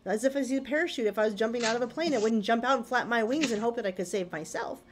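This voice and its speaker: A woman's voice: fairly high pitch, fast, noisy background. A woman co-hosting a casual livestream, earnestly explaining faith with everyday examples and acted-out bits of dialogue. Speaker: livestream co-host. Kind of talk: casual religious livestream talk.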